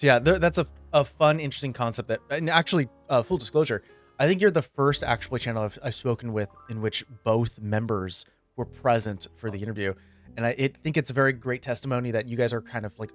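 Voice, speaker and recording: An upbeat man hosting a relaxed interview. He chats casually, laughs easily and keeps things moving, with faint music underneath. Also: mid-range voice, fast. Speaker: podcast host.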